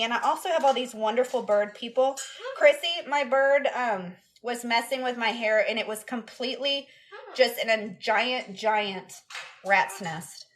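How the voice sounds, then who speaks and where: With a slightly high, fairly bright voice, this vlogger answers her live chat aloud while chatting casually in a phone livestream. The phone camera picks up her voice.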